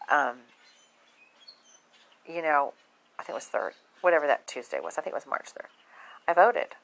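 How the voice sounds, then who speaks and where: A woman speaking in a low, deep voice. She talks to her viewers in a blunt, outspoken way, swearing freely and not holding back. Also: creaky, fairly bright tone, low-quality recording. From southern United States. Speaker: vlogger. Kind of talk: casual monologue to camera.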